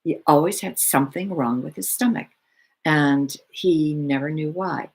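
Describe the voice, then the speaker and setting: Slow, husky-voiced woman spiritual teacher. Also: low voice. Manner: unhurried, rambling, with fillers. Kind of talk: talk to a weekly audience.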